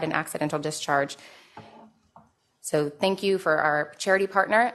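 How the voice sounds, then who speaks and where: A woman with a fairly low voice emcees a conference. She reads the announcements and the speaker introduction in a steady, formal way. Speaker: event emcee.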